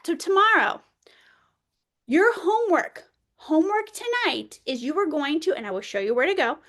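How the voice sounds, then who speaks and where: A woman presenting an early childhood workshop, playful and animated, talking straight to the group like a teacher. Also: high-pitched.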